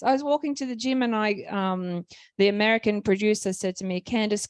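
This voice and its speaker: An Australian woman in the middle of her range tells chatty stories on a panel. She acts out the voices of people in her stories and trips over her words as she goes. The sound is dry and close, with no room echo. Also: mid-range voice. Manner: lively storytelling, acts out quoted people, frequent restarts. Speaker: author on a panel. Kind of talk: anecdotal panel talk.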